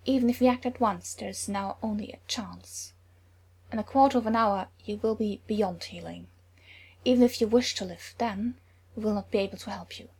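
A stern older healer delivering firm, cutting judgments with a clipped, caustic edge, as a woman reads her. Her voice is slightly breathy, set in a spoken storybook. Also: medium pitch, normal speed, a little mellow. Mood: grave.

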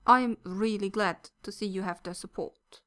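A tipsy grown man with a Russian accent, sincere and gently murmuring, as a woman reader puts him on. He sits at a middling pitch and talks softly. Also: normal speed, lightly acted. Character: tipsy adult male skater with a Russian accent.

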